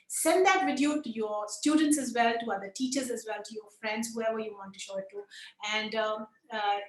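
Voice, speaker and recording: A woman with an Indian accent teaching a puppetry workshop, encouraging and switching between English and Hindi. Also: a little high. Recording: echoey room.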